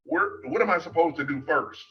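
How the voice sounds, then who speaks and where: A man giving a prepared presentation as a speaking coach, measured and emphatic, building his points in lists of three. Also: a little high, dull audio.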